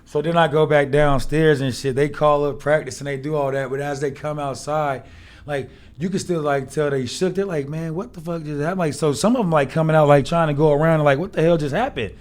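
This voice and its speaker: A man's voice: a little high, fairly quick, smooth. A man in his thirties, a former football player, telling a rowdy story as a guest, acting out the people he quotes in a raised voice and swearing freely. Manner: animated, profane, acts out quotes with raised voice. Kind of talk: casual storytelling chat.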